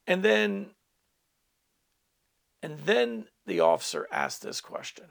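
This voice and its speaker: Gravelly, lively middle-aged male pastor. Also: sits high, takes it slowly. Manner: earnest storytelling with asides to listeners. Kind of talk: personal testimony in a teaching talk.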